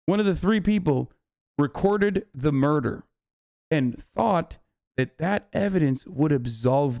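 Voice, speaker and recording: Hoarse, heated young man streaming. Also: a little high, darkish tone, no room sound, studio quality. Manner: heated, profane, restarts often. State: hoarse, lost voice. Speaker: livestream host. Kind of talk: casual commentary on a livestream.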